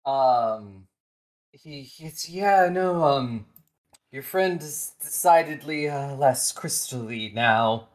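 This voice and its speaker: A game master narrating a tabletop game, softly and hesitantly, with many fillers. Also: medium pitch, expressive, takes it slowly, poor audio.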